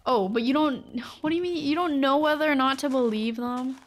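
Speaking a little fast in a high voice, a woman chats casually on her Twitch stream as she plays. She rambles, says "like" over and over, and acts out little scenes for her chat.

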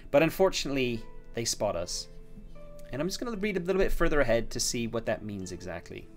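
A man's voice: medium pitch, big pitch swings, quick pace, faint music behind. Man rambling through a solo tabletop game. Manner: rambling, thinks aloud with fillers. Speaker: solo game master and player.

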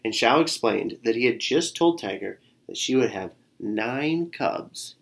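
A man narrating a picture-book folktale aloud in an expressive reading style. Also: medium pitch, measured pace, vocal fry. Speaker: storyteller. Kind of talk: read-aloud storybook narration.

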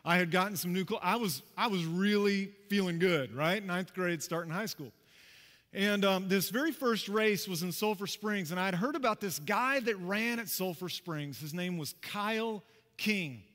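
A high-voiced pastor speaks at normal speed, his sermon filling a church sanctuary with big-room sound. He shares a personal story in a lively, conversational way, turning aside to address the congregation.

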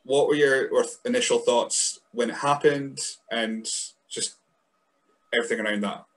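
Brief: host from Scotland, casual rambling interviewer, average pitch. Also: male voice, steady tone, moderate pace. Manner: rambling questions with restarts. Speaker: podcast host.

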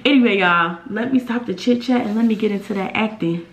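A woman's voice: mid-range voice, fairly quick, highs cut off. A woman vlogger chatting casually and straight to her viewers. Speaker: vlogger pranking her boyfriend. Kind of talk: casual vlog talk. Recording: echoey room, mic at a distance.

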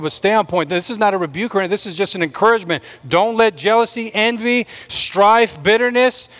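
A man's voice: sits high, fairly bright tone, long reverb tail. A man preaching a sermon in an impassioned way, reading scripture and pressing his congregation to respond. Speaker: pastor.

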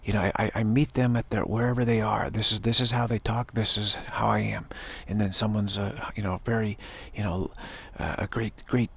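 A man's voice: fairly low pitch, little pitch movement, normal speed, vocal fry, husky. A man giving an earnest, rambling spiritual monologue to camera, often restarting his sentences. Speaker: spiritual video blogger.

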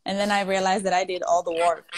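A woman with an Italian accent, chatting casually on a phone live stream, halting and self-deprecating, laughing often. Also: mid-range voice, little pitch movement.

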